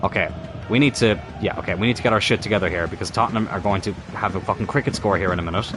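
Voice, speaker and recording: Racing along in a low-pitched voice over music, a gaming YouTuber gives live commentary on his football career-mode game. He's frustrated and swearing, pushing the on-screen players to do better.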